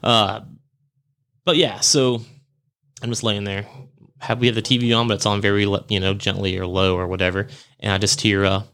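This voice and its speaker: A man's voice: lowish voice, a bit bright. A man hosting a podcast, telling a personal ghost story in a rambling, self-correcting way and chuckling at himself. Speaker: podcast host. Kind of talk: casual storytelling monologue.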